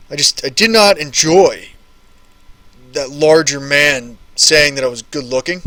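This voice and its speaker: Bright-voiced man rambling on a live stream. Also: a little high, a little slow. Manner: rambling, repeats phrases. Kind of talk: casual live-stream chat answering viewer questions.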